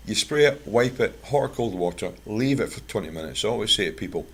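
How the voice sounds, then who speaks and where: A man's voice: lowish voice, lively intonation, fast, fairly bright tone, breathy edge. A Scottish man from Scotland giving a chatty, plain-spoken talk to a bird club, mixing product advice with anecdotes. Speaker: guest speaker at a bird club.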